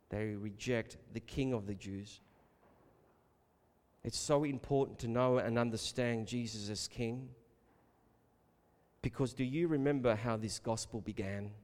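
A man preaching a sermon, emphatic and rhetorical, calling his listeners beloved and building to loud repeated questions. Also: fairly low pitch. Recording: long reverb of a large hall.

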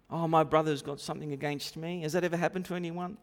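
A man preaching a sermon in a church, swinging between loud emphatic bursts and quiet asides. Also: on the high side, fairly even intonation, fast talker, few pauses. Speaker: pastor. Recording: long reverb of a church hall.

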